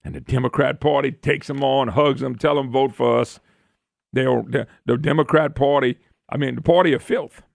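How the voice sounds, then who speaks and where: A man's voice: medium pitch, normal speed, vocal fry, no room sound. A man hosting a talk radio show, delivering an opinionated monologue on a studio microphone, indignant and mocking and often repeating phrases.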